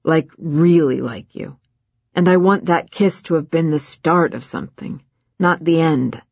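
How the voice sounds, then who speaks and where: Woman reading an earnest young guy, hesitant, slow, low-ish voice. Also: gravelly, darkish tone, no room sound, muffled recording, full character voice. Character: earnest, awkward young man asking for another chance.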